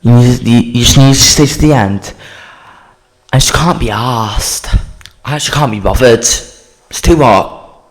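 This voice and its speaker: A man's voice: mid-range voice, unhurried, long pauses. A man hosting a casual solo podcast, rambling and sighing as he talks straight to the listener. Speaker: podcast host.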